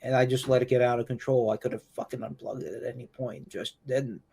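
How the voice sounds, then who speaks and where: A man's voice: medium pitch, level tone, gravelly, a little mellow, husky, faint music behind. A man on a voice call, crying and stammering as he talks. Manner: halting, stammering. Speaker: call participant. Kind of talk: emotional voice call.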